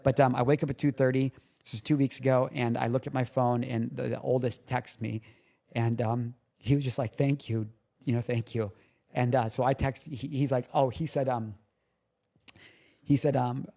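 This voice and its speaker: A man's voice: mid-range voice, level tone, moderate pace, a little mellow. Male podcast guest, mid-range voice, candid and emotional, casually profane storyteller. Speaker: recovery coach guest. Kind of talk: podcast interview, personal storytelling.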